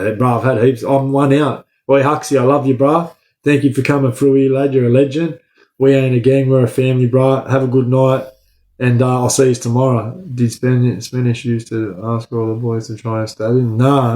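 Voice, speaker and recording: A man with an Australian accent, chatting casually on a livestream, answering viewer comments in relaxed slang. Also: mid-range voice, roomy sound. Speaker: livestream host. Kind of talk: casual live chat reading comments.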